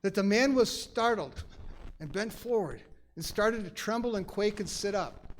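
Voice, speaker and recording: A man's voice: high-pitched, lively intonation, a little slow, a little hiss or hum. A man teaching a conversational Bible study in a church, emphatic and chatty, full of asides. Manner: emphatic, acts out quoted lines; chatty, many "you know" asides.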